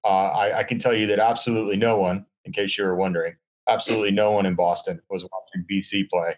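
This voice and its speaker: A man's voice: sits low, level tone, quick pace, lo-fi sound, a little hiss or hum. A man on a podcast, chatting casually and sarcastically with lots of fillers, from a hotel room. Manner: rambling, sarcastic, many fillers. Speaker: podcast co-host. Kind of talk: casual chat.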